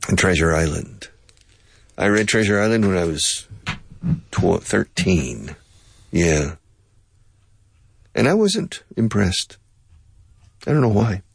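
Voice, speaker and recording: A man's voice: sits low, big pitch swings, slow, vocal fry, pauses often, husky, dry recording. A man from Texas, teaching English in a chatty, digressive way and laughing often. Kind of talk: language lesson with drills.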